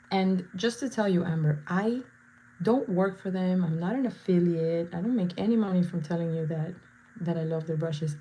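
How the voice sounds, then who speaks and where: A woman's voice: fairly low pitch, warm tone. Brief: bubbly woman face painter, thirties, chatty live-stream host, faint hiss behind. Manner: bubbly, chatty, playful asides. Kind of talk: casual live-stream chat while painting.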